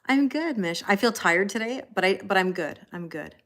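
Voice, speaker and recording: A woman's voice: medium pitch, animated, normal speed, fairly bright tone. A woman from Canada with a Canadian accent, hosting a live tarot stream in casual chat, reading out viewer comments and talking straight to her viewers in a chatty, reassuring way. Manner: chatty and reassuring, talks straight to viewers with frequent "you know?". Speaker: tarot reader hosting a livestream.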